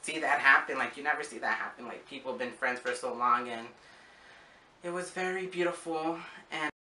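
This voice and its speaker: Young man from Arizona, bright tense voice, rambling casual vlog storytelling, roomy echo. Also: medium pitch, normal speed, distant mic. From Arizona, USA. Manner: rambling, with frequent fillers and acted-out quotes. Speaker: vlogger. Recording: echoey room.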